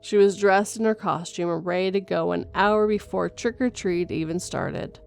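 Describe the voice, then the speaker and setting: A woman reading a first-person horror story in a steady storytelling voice, going gentle for a mother's lines. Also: fairly low pitch, moderate pace, creaky. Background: faint music.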